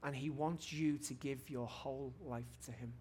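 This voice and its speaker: A man in his forties preaching a testimony sermon in a church hall, fervent and shouting at his high points. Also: fairly even intonation, normal speed, slight background noise.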